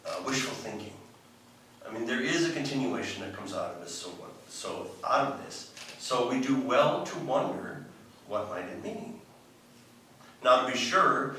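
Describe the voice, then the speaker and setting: A man's voice: on the low side, a bit bright, very echoey, far from the mic, slight background noise, low-quality recording. A man preaching a sermon in a loose, conversational way, full of restarts and asides. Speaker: pastor. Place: church sanctuary.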